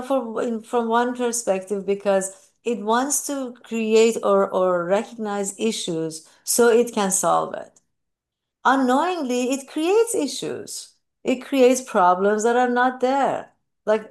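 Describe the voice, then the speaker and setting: A woman giving a personal talk on mindfulness and grief, earnest and reflective, often pausing and restarting, her voice jumping up with feeling when she retells moments. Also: a little high.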